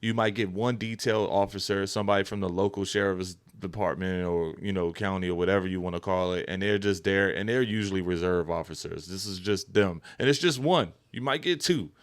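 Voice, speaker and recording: A middle-aged male host chats casually, his voice low for a man. He reacts with animated, loosely phrased comments and often jumps up in pitch and loudness. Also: brisk, hardly any pauses. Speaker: podcast host. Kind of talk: casual chat.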